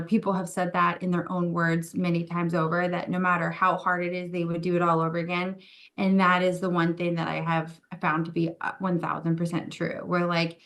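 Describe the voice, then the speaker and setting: Low, even-toned woman sharing candidly. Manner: candid, reflective, many fillers and acted-out quotes. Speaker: podcast guest. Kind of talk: casual interview chat.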